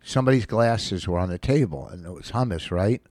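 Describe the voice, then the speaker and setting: A man co-hosting a casual podcast, rambling and swearing freely as he tells a story. His voice sits fairly low and sounds dry and close, with no room echo. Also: expressive, brisk, darkish tone. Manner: profane, indignant, rambling storyteller. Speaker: podcast co-host.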